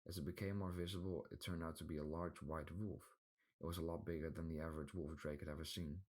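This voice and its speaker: A man narrating a fantasy audiobook in an even, plain reading style. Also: a bass voice, fast. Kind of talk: scripted storybook narration.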